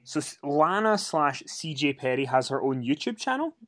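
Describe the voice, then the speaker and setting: A man co-hosting a podcast, animated and prompting his partner with questions. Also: fairly high pitch, moderate pace, no echo. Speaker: podcast co-host. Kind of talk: casual chat.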